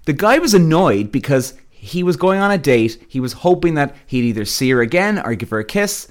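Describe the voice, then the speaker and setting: A man's voice: a little high, fairly quick. A man hosting his own podcast, ranting casually and bluntly with lots of swearing. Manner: blunt, heavy swearing, animated. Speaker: podcast host.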